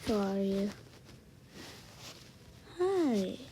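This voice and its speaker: Gaming host, woman, unhurried and rambling, hissy home mic. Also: sing-song. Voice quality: high, pitchy voice. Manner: rambling, chatty, drops into soft asides. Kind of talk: casual gameplay commentary. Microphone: own desk microphone. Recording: noisy home recording with hiss and clicks.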